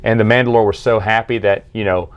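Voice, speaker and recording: A man's voice: lowish voice, fairly even intonation, fast talker, clear, resonant tone. A man giving a casual book review, retelling scenes enthusiastically with lots of fillers and restarts.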